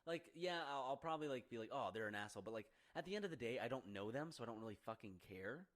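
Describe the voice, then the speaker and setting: A man's voice: medium pitch, lively intonation, fast. A young man co-hosting a casual podcast chat, rambling and swearing freely with frequent laughs. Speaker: streamer and podcast co-host. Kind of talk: casual banter.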